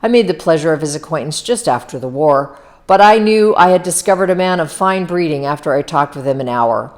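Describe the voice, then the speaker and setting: A boastful, sentimental gangster of fifty holds forth in a solemn, self-important tone, put on by a woman reading aloud. The voice sits low and carries a heavy pomp in this homemade storybook reading. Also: animated, brisk, a little mellow. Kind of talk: amateur read-aloud.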